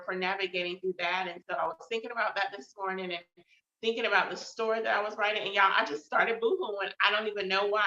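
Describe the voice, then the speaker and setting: The recording is roomy and slightly dull as a woman hosts her own show in a casual personal check-in. Speaking in a sharp-toned, mid-range voice, she reflects on how she is feeling and uses lots of fillers.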